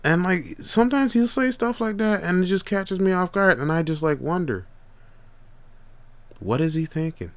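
A man's voice: high-pitched, moderate pace, clean tone, no echo. A young man hosting a podcast, telling casual stories with lots of profanity and slang. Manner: profane, animated, laid-back slang. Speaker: podcast host. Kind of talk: casual storytelling monologue.

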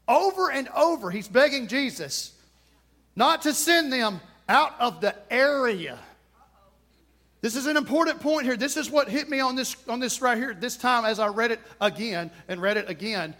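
A man's voice: very high-pitched, lively intonation, moderate pace, bright, forceful tone. A man preaching a sermon, emphatic and repetitive, with touches of humor.

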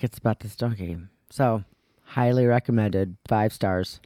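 A woman's voice: rumbling low, dark tone, dry recording. A chatty Midwestern American woman co-hosts a podcast and wanders from one story to the next. She talks in a loose, conversational way, and her voice sits close and dry with almost no room sound. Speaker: podcast co-host. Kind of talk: casual chat.

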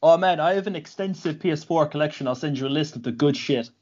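A man's voice: on the high side, quick pace, lo-fi sound. A man, a jiu-jitsu practitioner, chatting casually and telling stories with lots of swearing. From Ireland. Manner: animated, profane storyteller. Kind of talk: casual chat.

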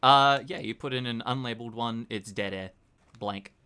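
A game master with a bright, clear tone walks players through what happens next in a tabletop horror game. The delivery is calm and explanatory, settling rules and outcomes. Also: mid-range voice, moderate pace. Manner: calm, explanatory, rule-focused.

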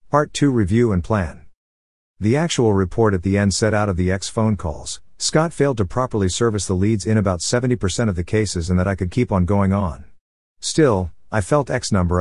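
A man's voice: fairly low pitch, a little mellow, no room sound, clean studio sound. A man narrating a forum revenge story in a wry, blunt, profane manner.

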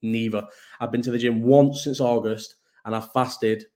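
A man's voice: mid-range voice, fairly even intonation, normal speed, mellow. A man, hosting a live chat show and talking in a loose, rambling, self-mocking way with plenty of swearing. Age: 30s. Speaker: podcast host.

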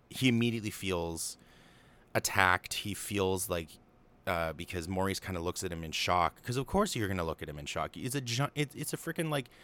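A man with a slightly low voice talks through a film plot in easy, casual chat. He is amused and opinionated, filling his talk with fillers and restarting his sentences as he goes. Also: a bit bright.

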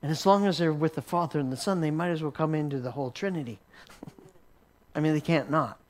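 A man's voice: fairly high pitch, a little fast, a little mellow. A man teaching a sermon as a story, often repeating words as he restarts and chuckling along. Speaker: Christian teacher.

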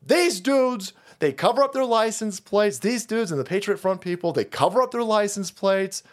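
Male streamer host, profane mocking ranter with a lively, high voice. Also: moderate pace. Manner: foul-mouthed, mocking, heated ranting. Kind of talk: profane political rant on a livestream.

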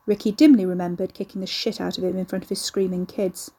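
Brief: woman audiobook narrator, warm, mellow tone, slightly husky, measured delivery. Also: on the low side, steady tone.

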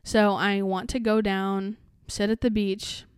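A woman's voice: medium pitch, flat delivery, measured pace, smooth, no room sound, studio quality. A young adult woman hosting her own podcast, talking in a casual, rambling way with many fillers and restarts. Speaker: podcast host. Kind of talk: casual solo podcast chat.

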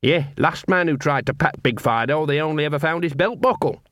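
Bloke doing a cocky little street mutt, slangy and smug, dry close sound. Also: male voice, on the high side, a little fast, fairly bright tone, no room sound, natural voice. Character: scruffy, cheeky male street mongrel dog.

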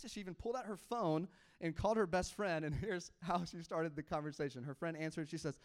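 Smooth-voiced young man preaching. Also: high-pitched, a little fast. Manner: casual, animated storytelling with laughs and quoted dialogue. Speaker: pastor. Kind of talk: sermon storytelling.

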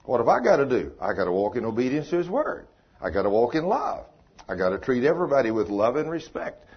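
A man's voice: medium pitch, big pitch swings, fast talker, husky, muffled recording. An older man, preaching a sermon in a folksy, emphatic way, his voice climbing on exclamations. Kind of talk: sermon teaching.

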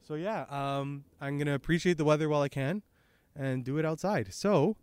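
Young guy rambling through a comic recap outside, smooth dry voice, lots of ums, some wind on the mic. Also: a little high, normal speed, darkish tone, no echo. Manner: rambling, filler-heavy, laid-back. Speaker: podcast host. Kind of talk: casual comic chapter recap. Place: outdoors by a creek and tree line. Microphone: handheld microphone exposed to wind.

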